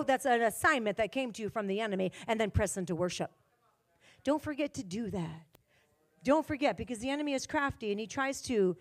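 A woman preaching a sermon in a commanding, emphatic style, her loudness rising and falling widely. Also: high voice, fast talker.

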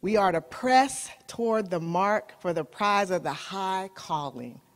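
A woman's voice: mid-range voice, lively intonation, measured pace, in a large hall. A woman preaching a sermon, telling a story with animation and speaking straight to her listeners.

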